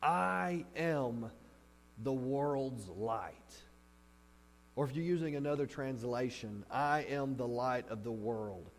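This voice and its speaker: A man preaching a sermon as pastor, animated and storytelling, acting out reactions as he speaks. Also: mid-range voice, slow pace. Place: church hall. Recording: hall reverb with mains hum.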